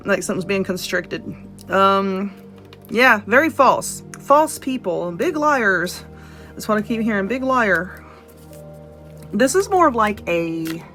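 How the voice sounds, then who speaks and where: A woman's voice: mid-range voice, expressive, measured pace, a bit bright, soft background music. A woman giving a casual tarot and Lenormand card reading, blunt and chatty, often checking in with "okay?" and "you know". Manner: laughs and yawns between points.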